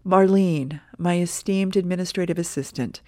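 A woman's voice: on the low side, moderate pace, a little mellow, no echo, clean studio sound, lightly acted. A woman voicing a pompous male boss who talks formally and self-importantly, read from a newspaper comic strip.

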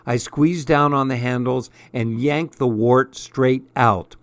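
Slow, dry-voiced male audiobook narrator. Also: mid-range voice, no echo. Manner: measured, expressive first-person storytelling.

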